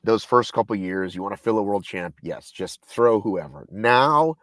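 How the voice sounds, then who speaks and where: A man's voice: on the low side, expressive, moderate pace, fairly bright tone, dry recording. A man co-hosting a fitness podcast, joking and teasing in casual chat. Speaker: podcast co-host.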